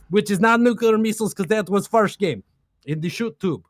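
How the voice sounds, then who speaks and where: A man's voice: sits high, fairly quick, no echo. A man casually recapping a game plot on a stream, rambling in broken grammar with lots of fillers and laughs.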